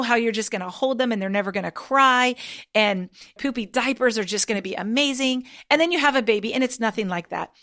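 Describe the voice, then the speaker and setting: Chatty homeschooling mom hosting a podcast, slightly high, encouraging delivery. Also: female voice, a bit bright. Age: adult parent. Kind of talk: casual advice monologue.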